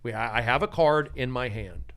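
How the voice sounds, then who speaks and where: A man hosting a live podcast, excitable and bossy, repeatedly ordering the guests to slow down and stay quiet. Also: mid-range voice. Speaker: podcast host.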